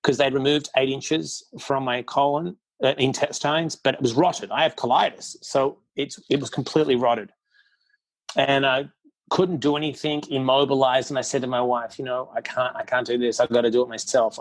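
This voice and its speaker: A man's voice: mid-range voice, steady tone, normal speed. A middle-aged man, a podcast guest, tells a personal story candidly and bluntly, acting out quotes as he goes. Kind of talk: casual storytelling interview.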